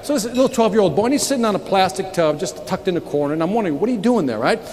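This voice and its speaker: A man giving a live motivational sales keynote, telling stories with sudden loud outbursts. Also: high voice, lively intonation, rapid-fire. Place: large conference hall with audience. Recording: reverberant hall, audience noise.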